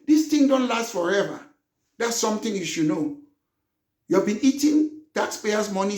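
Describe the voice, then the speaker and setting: A man with a high voice delivers a political broadcast as a party leader. He talks in an emphatic, combative way and rises to shouting. The recording has an echoey room sound. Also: animated, moderate pace. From Cameroon.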